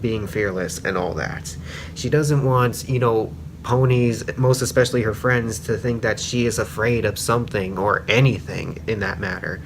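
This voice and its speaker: A man talks through a story in a loose, casual review, piling on fillers as he goes. His voice sits at a middling pitch and his retelling runs excitable and rambling. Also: a little hiss or hum. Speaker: fanfic reviewer.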